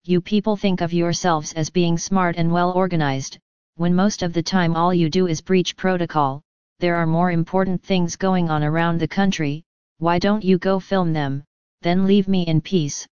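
A man's voice: high voice, steady tone, normal speed, smooth, dry recording, close to an everyday voice. Scornful male golfer, barking, dull sound, woman reader. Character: grumpy male golfer, hostile to press.

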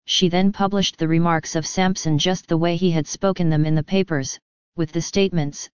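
Woman storyteller, very smooth, dry and slightly dull recording. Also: fairly low pitch, steady tone, a little fast, a little mellow, no room sound. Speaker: narrator. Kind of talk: scripted story narration.

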